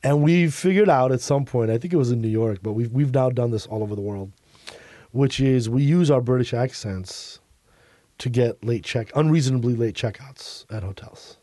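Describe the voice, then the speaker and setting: A man from Chicago, a comedian guest on a podcast, telling stories in an animated, emphatic and profane way. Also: medium pitch, moderate pace, dry recording, studio quality. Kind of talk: podcast conversation.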